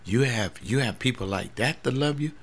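A man's voice: medium pitch, expressive, moderate pace, slight background noise. A man in his seventies, a pastor, talking earnestly in a rambling personal monologue, often repeating words. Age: 70s.

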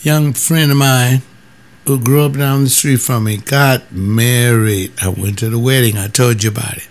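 Man, former pastor, rough gravelly voice, middle pitch, blunt emphatic storytelling. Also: steady tone, moderate pace. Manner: emphatic, blunt, jumps high in pitch when quoting others. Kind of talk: casual storytelling monologue.

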